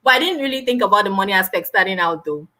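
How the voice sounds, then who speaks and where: Loud, bright-voiced woman on a live stream. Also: medium pitch, fast. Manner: loud, animated, says she is always shouting. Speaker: YouTuber hosting a live stream. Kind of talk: casual live-stream chat. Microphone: built-in mic, no lapel mic.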